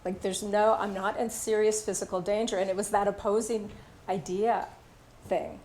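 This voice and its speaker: A woman's voice: medium pitch, flat delivery, moderate pace, darkish tone, a little hiss or hum. A woman in her sixties who leads a workshop and speaks in a casual, candid way, telling personal stories with plenty of fillers. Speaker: workshop instructor.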